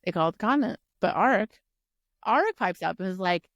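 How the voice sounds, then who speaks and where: A woman's voice: mid-range voice, very animated, quick pace, no room sound, clean studio sound. A woman co-hosting a podcast, chatting casually about a book and swearing freely as she chimes in. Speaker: podcast co-host.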